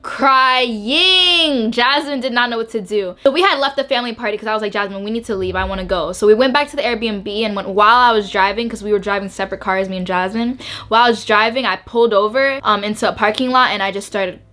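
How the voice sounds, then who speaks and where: A woman's voice: on the high side, brisk, pushed and bright. A young woman YouTuber telling an emotional storytime to camera, bubbly and emphatic, repeating words and saying "like" a lot.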